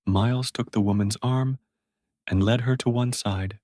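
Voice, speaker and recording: A man narrating a classic story slowly and clearly for English learners. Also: fairly low pitch, steady tone, no echo, clean studio sound.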